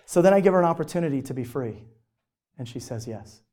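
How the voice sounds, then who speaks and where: Brief: middle-aged male motivational speaker, slightly high voice, animated storyteller who acts out other voices. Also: fast talker. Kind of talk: personal storytelling to a live audience.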